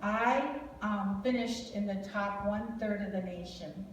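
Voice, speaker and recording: Recorded from a distance in a big, echoey hall, this medium-pitched woman from Wisconsin, USA, takes her time over a faint hiss or hum. She's a guest speaker prophesying over a family, and her informal ministry talk is chatty, laughter-filled and prone to rambling asides.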